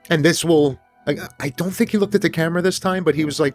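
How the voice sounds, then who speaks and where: A man hosting a podcast, retelling a film in a casual, animated way, swearing freely and acting out the characters' lines. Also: a little high, fairly quick, faint music behind. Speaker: podcast host.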